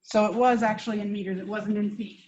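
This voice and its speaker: A woman instructor talks students through a software demo in a plain, mid-range voice. She is blunt and informal, tossing off candid asides as she goes. The recording sounds slightly muffled. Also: medium pitch, fairly even intonation, fast talker. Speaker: GIS instructor. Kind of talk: classroom software demonstration.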